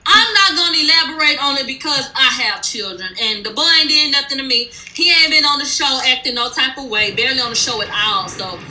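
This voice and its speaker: Sharp, bright-voiced woman ranting in a recap. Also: high-pitched, expressive, brisk, few pauses, echoey room, poor audio. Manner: blunt, heated, swears freely. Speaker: reality TV recap vlogger. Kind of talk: casual profane storytelling recap.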